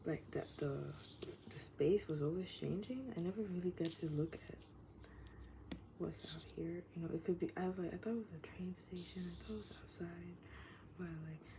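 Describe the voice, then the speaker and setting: Woman vlogger, lowish voice, loose rambling chat full of "like", noisy background. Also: moderate pace. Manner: meandering, heavy use of "like", drifts into soft whispers, laughs often. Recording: clearly audible background noise.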